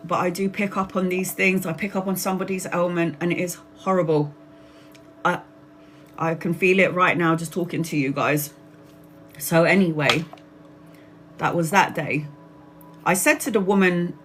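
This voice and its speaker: A woman's voice: fairly low pitch, fairly bright tone, a little hiss or hum. A woman from Brazil, a tarot reader telling personal stories on a livestream in a chatty way, laughing often and acting out other people's voices. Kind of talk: casual personal storytelling.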